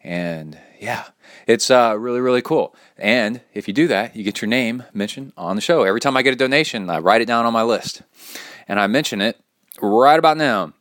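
A man's voice: medium pitch, fairly quick, fairly bright tone, no room sound, studio quality. A man hosting his own podcast in a casual, rambling solo talk, reading a listener's email aloud into his phone. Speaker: podcast host.

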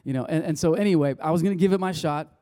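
This pastor races through a rambling, story-like sermon, cutting himself off and beginning sentences again. Though a little high, his voice is warm and deeply mellow. The mic is close and dry, with no room sound and no echo.

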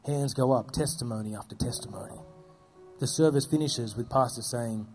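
A man telling earnest faith stories as an interview guest, dropping his voice low at solemn moments. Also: moderate pace, a little mellow, soft background music. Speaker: guest speaking about persecuted churches. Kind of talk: storytelling testimony.

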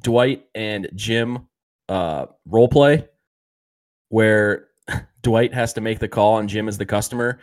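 A man in casual podcast chat, retelling sitcom scenes with frequent chuckles and halting fillers. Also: lowish voice.

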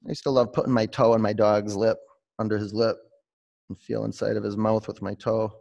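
Male yoga teacher, low and gravelly, chatty streamed class, rambles between cues. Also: flat delivery, a little fast, a little mellow, lo-fi sound.

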